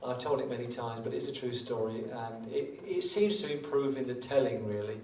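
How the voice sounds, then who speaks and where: Older guitarist chatting from a roomy stage. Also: male voice, mid-range voice, fairly quick, darkish tone, slight background noise. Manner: chatty, self-mocking, rambling with joking asides. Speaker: guitarist performing live. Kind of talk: between-song stage banter. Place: small live music venue. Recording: roomy live venue, distant mic, guitar.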